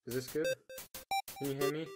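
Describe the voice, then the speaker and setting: A game streamer giving chatty, excitable, self-mocking commentary on a first playthrough. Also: medium pitch, brisk. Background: game music.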